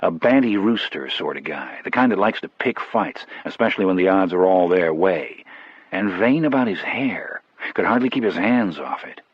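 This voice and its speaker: A man narrating an audiobook in a measured, grave first-person storytelling style. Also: low voice, animated, husky, dry recording, dull audio.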